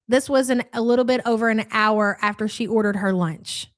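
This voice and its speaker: A woman with a fairly high voice hosts a live reaction stream, blunt and sarcastic, chatting loosely with her viewers. The sound is close and dry, with no room around it. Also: fairly quick, dry recording. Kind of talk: casual live commentary, reading viewer chats.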